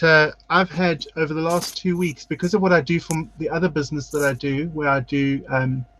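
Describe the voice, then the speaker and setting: A man's voice: on the high side, fairly bright tone, a little hiss or hum, low-quality recording. A man hosting a casual drag chat show, telling stories at length and acting out what people said, while doing his makeup on a video call. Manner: chatty storyteller, acts out quotes. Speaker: drag queen host.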